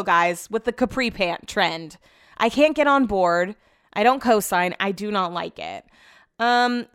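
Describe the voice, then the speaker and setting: A woman's voice: medium pitch, a bit bright, clear, resonant tone, dry recording, studio quality. A young adult woman hosting a podcast, chatting casually and giving opinionated, sarcastic reactions. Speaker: podcast host. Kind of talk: casual chat recap.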